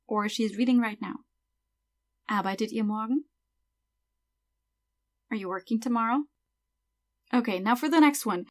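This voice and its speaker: A woman teaching a beginner lesson, explaining clearly and patiently and slowing down for examples. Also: fairly high pitch. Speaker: German teacher.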